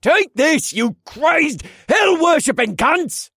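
A man voicing an angry, defiant male guard who hurls shouted insults in an audiobook. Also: very high voice, very animated, slow, dry recording, clean studio sound, voice pushed up, full character voice. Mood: furious.

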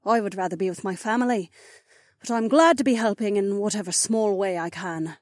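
A man's voice: high voice, fairly quick, no room sound, studio quality, pitched above the performer's own voice, natural voice. Brief: weary, caring older female nurse, raised light voice, done by a male narrator. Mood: concerned. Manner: motherly, concerned.

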